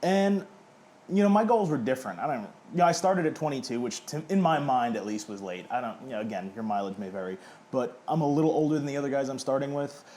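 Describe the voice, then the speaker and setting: A man's voice: medium pitch, expressive, quick pace, darkish tone. 30s wrestler guy chatting loose, pokes fun at himself, bit of noise behind. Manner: self-deprecating, chatty, laughs often. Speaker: indie pro wrestler guest. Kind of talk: casual interview chat.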